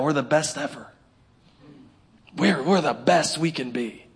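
A man preaching a sermon in a church, animated and humorous, acting out little scenes for the congregation. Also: on the high side, measured pace, creaky, pauses often, breathy edge. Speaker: pastor. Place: church sanctuary.

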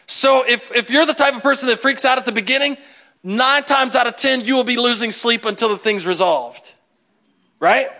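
High, bright-voiced male preacher. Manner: joking, talks straight to the congregation. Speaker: pastor. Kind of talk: humorous conversational sermon.

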